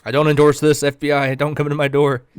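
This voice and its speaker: A man's voice: a little high, completely flat delivery, quick pace, clear, resonant tone, no room sound. A man in his twenties co-hosting a podcast, telling rambling, self-mocking stories full of swearing. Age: 20s. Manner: rambling, swears a lot, laughs at himself. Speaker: podcast co-host. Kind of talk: casual podcast chat.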